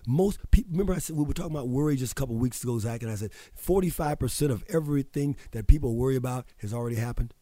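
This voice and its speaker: Racing along with hardly any pauses, the radio show host delivers his preachy, emphatic motivational talk, repeating phrases for effect. His voice is medium-pitched and mellow, and the recording is dry.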